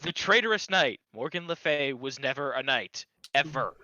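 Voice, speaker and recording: A man's voice: medium pitch, lively intonation, bright, forceful tone, dry recording, highs cut off. A man adding side notes and corrections while commenting on fanfiction with friends. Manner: quick to correct and point things out. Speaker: co-host reading fanfiction. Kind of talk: comedic commentary chat.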